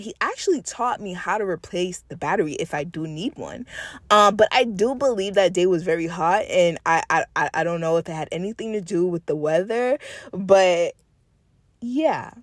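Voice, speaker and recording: While working on nails, this vlogger tells a story in casual chat, cursing freely and laughing a lot. She speaks at a moderate pace in a mid-range voice, captured in a dry, clean studio recording.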